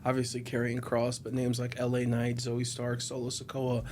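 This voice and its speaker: A man's voice: medium pitch, monotone, normal speed, a little mellow, slight background noise. Casual male interview host. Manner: loose, self-aware questioning with fillers.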